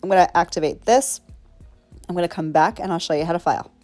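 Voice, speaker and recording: A woman's voice: on the low side, fast talker, a little mellow, soft background music. A woman chatting through a nail tutorial in a bubbly, rambling way, talking straight to her viewers. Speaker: nail art creator.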